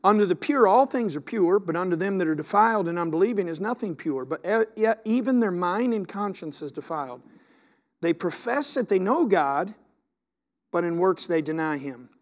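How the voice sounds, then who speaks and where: A man's voice: sits high, expressive, normal speed. A male pastor preaching a sermon, reading scripture aloud, repeating words, and asking his congregation questions. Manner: repeats words and restarts sentences.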